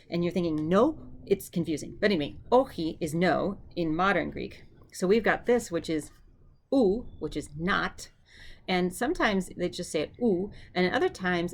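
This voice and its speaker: A woman teaching vocabulary in a chatty way, repeating each word for her students to echo back. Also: lowish voice. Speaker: Greek teacher. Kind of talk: vocabulary lesson.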